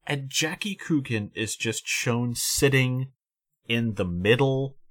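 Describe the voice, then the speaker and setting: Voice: medium pitch, slow, fairly bright tone. A podcast co-host chatting casually about a film and cracking wry, playful jokes. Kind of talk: casual movie recap chat.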